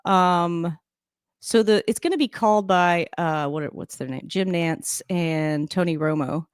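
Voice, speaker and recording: A woman's voice: fairly low pitch, measured pace, clear, resonant tone, no echo, clean studio sound. A woman hosting a casual live stream at home, chatting and rambling while reacting to a game on TV and laughing often.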